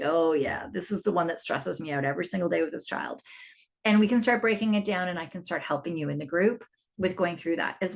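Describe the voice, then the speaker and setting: A middle-aged woman hosting a solo parenting podcast, chatty and confiding, often restarting her sentences. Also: on the low side. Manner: chatty, warm-hearted and confiding, with frequent restarts. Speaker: podcast host and parent coach.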